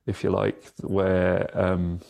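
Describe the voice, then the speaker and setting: Low gravelly-voiced man chatting casually. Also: completely flat delivery, slow, darkish tone. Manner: chatty storyteller, uses casual slang. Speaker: podcast co-host. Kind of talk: casual chat.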